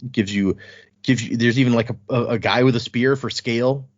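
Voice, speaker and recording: A man's voice: mid-range voice, steady tone, brisk, dry recording. A man co-hosting a casual podcast about a book, retelling scenes and quoting the characters in playful voices. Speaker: podcast co-host. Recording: dry, muffled lo-fi audio.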